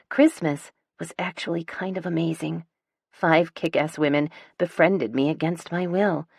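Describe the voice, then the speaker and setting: Low-pitched woman reading a romance novel, wry and lively, super dry close mic. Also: vocal fry, no echo. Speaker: audiobook narrator. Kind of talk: first-person romance audiobook narration.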